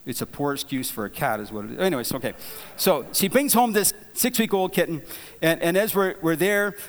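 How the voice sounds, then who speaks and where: A man preaching a sermon, telling a folksy story in a relaxed, conversational way, with frequent restarts and repeated words. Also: on the high side, fairly quick. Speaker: pastor. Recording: long hall reverb.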